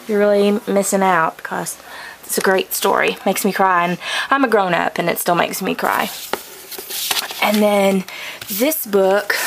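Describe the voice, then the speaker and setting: A young adult woman chats her way through a casual bookshelf tour, rambling with plenty of ums and likes at a middling pitch. She sits in her home studio and talks into a camcorder, with a faint hiss of noise behind her. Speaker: vlogger. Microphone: camcorder mic.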